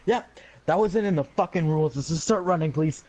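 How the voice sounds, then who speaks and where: A man's voice: a little high, brisk, a little mellow. A young man playing a tabletop game, talking animatedly, swearing and getting exasperated. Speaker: player. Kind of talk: casual tabletop play.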